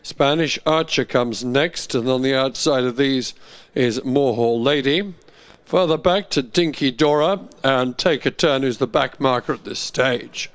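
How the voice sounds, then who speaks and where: A man giving horse racing commentary, calling the runners steadily and rising with excitement at the finish. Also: mid-range voice, unhurried. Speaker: racecourse commentator.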